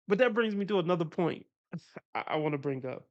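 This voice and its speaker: Laid-back profane man with a gravelly voice. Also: sits high, dull audio. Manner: loose, profane, laughs often, talks through his opinions. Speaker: streamer reacting to videos. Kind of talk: casual reaction commentary.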